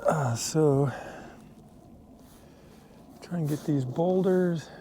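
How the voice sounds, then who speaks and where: A man's voice: a little high, extremely slow, mellow, a little hiss or hum. A man with an American accent, casually narrating an outdoor camping vlog into a handheld action camera. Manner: chatty, easygoing, with fillers and laughs. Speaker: travel vlogger. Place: outdoors on a desert cliff and campsite.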